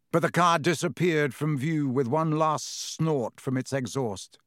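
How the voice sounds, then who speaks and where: Expressive male audiobook narrator. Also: on the high side, moderate pace, hardly any pauses, no room sound, clean studio sound. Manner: vivid, expressive storytelling.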